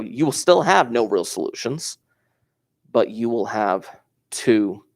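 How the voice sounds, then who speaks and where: Man teaching math in a classroom. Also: mid-range voice. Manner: explains step by step, repeats key points. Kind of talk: classroom lecture.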